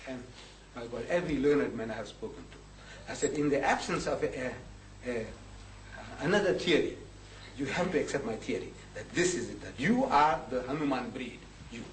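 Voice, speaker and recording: A man's voice: medium pitch, moderate pace, slight background noise. A man giving a storytelling lecture, acting out conversations and chuckling often as he talks. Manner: animated storyteller who acts out both sides of conversations; chuckles often while speaking. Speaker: speaker giving a talk. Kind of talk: storytelling lecture to a live audience. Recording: echoey hall picked up from a distance.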